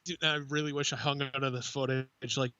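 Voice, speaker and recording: On a dry, lo-fi recording, a man of medium pitch talks fairly quickly as a podcast co-host. His story is casual and profane, and he brings it to life by imitating the people he quotes.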